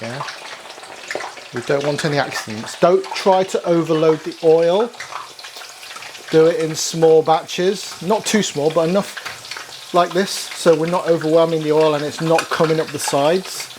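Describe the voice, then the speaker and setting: A man's voice: fairly high pitch, measured pace, background noise. A man hosting a casual cooking demonstration in a kitchen, chatty and upbeat, with easy laughter. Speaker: cooking show host.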